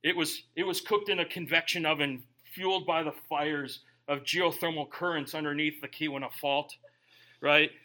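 A middle-aged man preaching a humorous sermon, joking with the congregation and swinging between quiet asides and loud bursts. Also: fairly high pitch, moderate pace. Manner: animated, joking, bursts of shouting.

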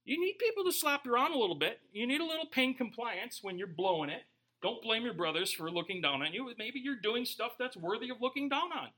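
A male pastor in mid-sermon with a high, bright voice that jumps all over the place. He preaches in a joking, conversational way, teasing his congregation one moment and turning earnest the next.

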